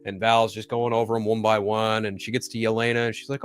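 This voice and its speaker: A man's voice: fairly low pitch, flat delivery, fast talker, hardly any pauses. A man reviewing a superhero film in a casual vlog, gushing and swearing, often restarting his sentences. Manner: enthusiastic, profane, rambling with restarts. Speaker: movie review vlogger. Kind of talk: casual movie chat.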